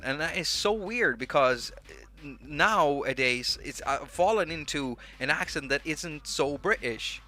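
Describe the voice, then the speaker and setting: Rambling Swedish man, bright voice. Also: on the high side, lively intonation. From Sweden. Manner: rambling, rapid-fire, jumps between thoughts. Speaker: livestream host. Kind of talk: casual livestream chat. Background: faint music track.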